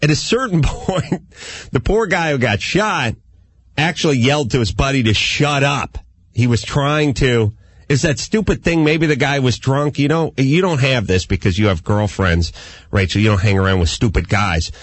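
A man hosting a casual comedic talk show, ranting animatedly and mimicking people in high yelping voices from a studio. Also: moderate pace, husky, no echo.

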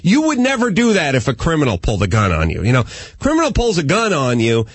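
Husky, animated man ranting. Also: fast talker, dry recording. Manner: animated ranting, mimics people in high yelps. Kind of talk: casual comedic talk.

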